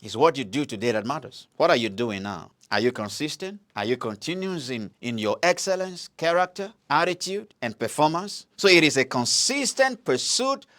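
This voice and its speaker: A man with a Nigerian accent preaching a motivational sermon, often asking the listeners questions and swinging between loud and hushed delivery. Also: medium pitch, animated, normal speed, hardly any pauses.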